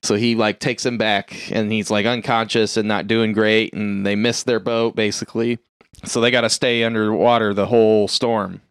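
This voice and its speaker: A man's voice: lowish voice, little pitch movement, normal speed, clear, resonant tone, dry recording, clean studio sound. A man casually recapping a movie plot with a rambling, profane delivery full of "like" and "uh". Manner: rambling, lots of "like" and "uh" fillers.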